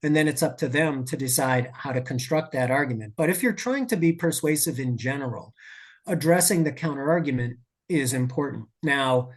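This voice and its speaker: A man talks as a podcast guest in an easygoing storytelling way. He wanders into asides and corrects himself mid-sentence as he goes. His voice sits at a middle pitch. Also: moderate pace. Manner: lively, digressive, with asides and self-corrections. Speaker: podcast guest, safety expert. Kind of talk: conversational storytelling.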